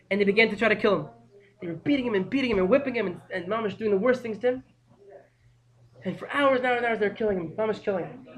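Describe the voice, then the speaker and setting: A man teaching a storytelling Torah class, who gets excited and breaks into shouting. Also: high-pitched. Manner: excitable, breaks into shouting, mixes Hebrew and Yiddish terms.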